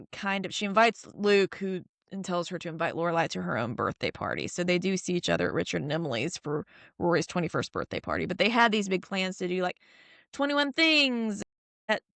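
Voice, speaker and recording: A woman recaps TV episodes in an easygoing, animated way, slipping in little performed lines. Her voice has a noticeable vocal fry. The sound is dry, with no room around it. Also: on the low side, no room sound. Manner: animated storytelling, acting out quoted lines. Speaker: podcast host. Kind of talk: casual chat recapping episodes.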